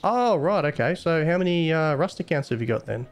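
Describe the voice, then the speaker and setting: A man's voice: on the high side, animated, fairly quick, soft background music. A young man admin on a game live stream, casually teasing and mocking players he catches cheating.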